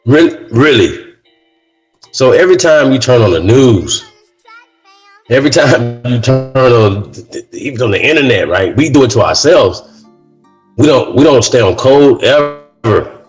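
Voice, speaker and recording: This podcast host has a mid-range, animated voice and speaks at a normal pace, with faint music behind him and a rough recording. He hosts a casual talk show in a loose monologue, keeps saying "man" and "right?", and gets more heated as he goes.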